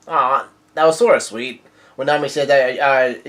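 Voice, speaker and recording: A man's voice: medium pitch, steady tone, moderate pace, fairly bright tone. A young man casually recapping a manga chapter page by page, rambling with lots of fillers and restarts. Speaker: manga reviewer.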